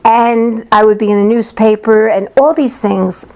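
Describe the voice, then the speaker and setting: A woman's voice: fairly high pitch, fairly even intonation, normal speed, darkish tone. A woman psychic telling stories about her work in a lighthearted, blunt manner, acting out the voices of the people she quotes. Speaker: psychic medium. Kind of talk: casual storytelling monologue.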